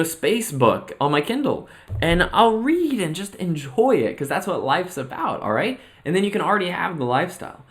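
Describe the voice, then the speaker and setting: Male vlogger, fairly high pitch, earnest motivational monologue, personal anecdotes. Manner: earnest, tags phrases with "right?" and "okay?"; mixes personal anecdotes with an extended analogy. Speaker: mental health coach and vlogger. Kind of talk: motivational self-reflection monologue.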